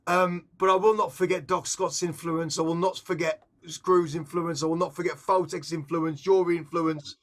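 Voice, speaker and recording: Middle-aged English man, high-pitched, rambling and intense interviewee. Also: little pitch movement, moderate pace, hardly any pauses, a bit bright. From England. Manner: rambling, restarts and repeats words, intense. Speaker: interviewed artist. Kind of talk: reflective casual conversation.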